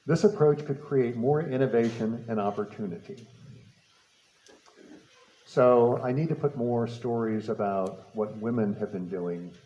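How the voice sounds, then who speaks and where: A man's voice: mid-range voice, a little slow, warm tone, echoey room, muffled recording. A man giving a public talk, telling a personal story with repeated words and light laughter. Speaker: speaker. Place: talk venue.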